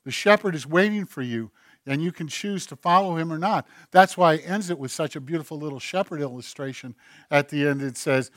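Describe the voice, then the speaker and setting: A man's voice: fairly high pitch, fairly quick, no room sound. Man preaching a sermon, dry close sound. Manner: swings between hushed and emphatic, acts out God's voice. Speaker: pastor.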